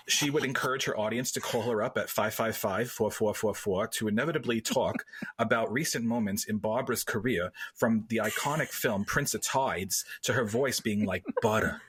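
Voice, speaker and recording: A man from New Jersey in his forties argues his case on a pop culture podcast. His voice is husky and breathy, and he is animated and theatrical. He laughs often as he talks. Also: lowish voice, normal speed. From North Jersey, USA. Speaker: podcast panelist.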